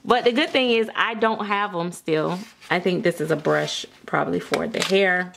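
A woman chatting excitedly and nervously through an unboxing vlog, with frequent giggles and gasps. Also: lowish voice, moderate pace, creaky, a little hiss or hum. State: nervous and jittery. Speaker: vlogger.

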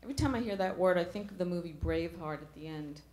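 A woman's voice: on the low side, lively intonation, fast, a little mellow, echoey room. A middle-aged woman preaching a sermon in a church, earnest, asking the congregation questions.

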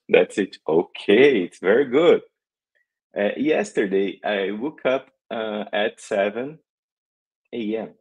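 A man from Brazil with a Brazilian Portuguese accent, presenting a live coding demo in halting English, searching for words. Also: on the low side, darkish tone, husky, low-quality recording.

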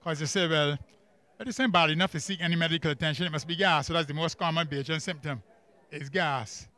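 Bright-voiced Barbadian man teaching class. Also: on the high side, fairly even intonation. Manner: quizzes the class with quick questions and emphatic repeats. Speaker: Bible study teacher. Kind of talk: church camp workbook lesson. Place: camp classroom.

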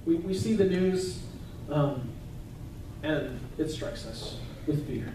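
A man's voice: a little high, animated, takes it slowly, noisy background. A male pastor giving a conversational sermon with casual asides. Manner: conversational, chatty preaching with asides. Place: church sanctuary. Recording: echoey church hall, mic at a distance.

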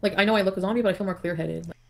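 Brief: woman vlogger, rapid, gravelly, rambling with fillers, faint hiss behind. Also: mid-range voice, steady tone, a little mellow. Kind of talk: rambling confessional vlog.

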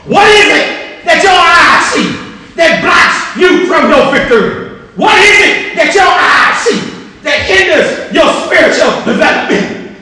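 Male preacher, very high, bright voice, shouting fervently, echoey hall from afar. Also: very animated, measured pace, recorded from a distance. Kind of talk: sermon. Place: large church hall.

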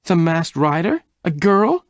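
A man voicing Jane, an eager, warm-hearted young woman, in a higher, excited voice. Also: normal speed, no room sound, clean studio sound, lightly acted. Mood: surprised. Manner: raised pitch, excited exclamations.

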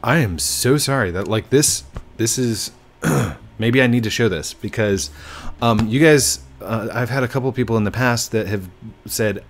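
A man's voice: medium pitch, moderate pace, faint music behind. A man doing casual gameplay commentary, apologetic yet firm as he lectures players about rule breaking. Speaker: gaming YouTuber.

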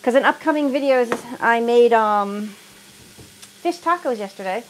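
A middle-aged woman from the United States talks while she cooks in her home kitchen. She is chatty and easygoing, and laughs often as she answers viewers' comments. Her voice sits a little high, with faint sizzling behind it. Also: animated, a little slow, a little hiss or hum, low-quality recording. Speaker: cooking livestream host. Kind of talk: casual chat while cooking.

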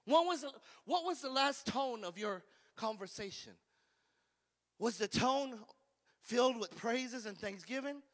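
A man's voice: very high-pitched, animated, unhurried, long reverb tail. A man preaching a fervent sermon as pastor, drawing call-and-response amens from the congregation.

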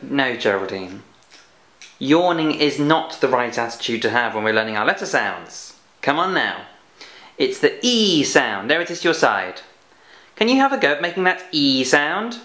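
A woman teaches a children's phonics lesson, chatting playfully and teasing a puppet like a chatty teacher. Her voice is bass, very animated, and fairly bright, at a moderate pace.

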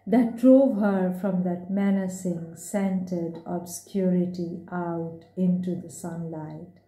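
A woman reads a story aloud in a measured, unhurried way. Her voice is low and very mellow. It rings in a room with an echo. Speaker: reader. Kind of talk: story reading. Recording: echoey room.

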